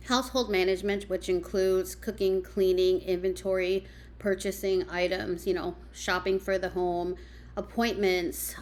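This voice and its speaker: A woman hosting a commentary, calmly questioning the men in her audience and listing out household tasks. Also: mid-range voice, slight background noise. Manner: measured, questioning, lists things out. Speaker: commentary host. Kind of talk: reaction commentary.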